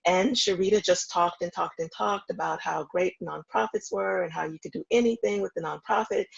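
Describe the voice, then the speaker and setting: A woman in her fifties with a low, gravelly voice, recounting her path in a measured, reflective way. She speaks over a dull, lo-fi call connection. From Houston, Texas. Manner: measured, reflective storytelling with frequent ums. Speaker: interview guest, foundation founder. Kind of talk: remote interview, storytelling.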